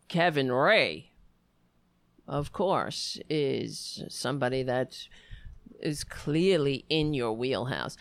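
A woman giving casual political commentary, sarcastic and mocking, now and then putting on high voices to mimic others. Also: fairly bright tone, clean tone, dry recording.

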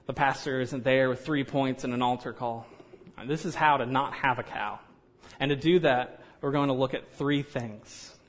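A man preaching a sermon in a conversational way, with joking asides and frequent "you know". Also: medium pitch.

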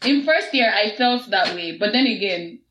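A young woman with a Nigerian accent hosts a casual group chat. She asks probing questions and cuts in quickly. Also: medium pitch, lively intonation, a bit bright, a little hiss or hum. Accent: Nigerian English. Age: young adult. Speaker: podcast host. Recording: roomy.

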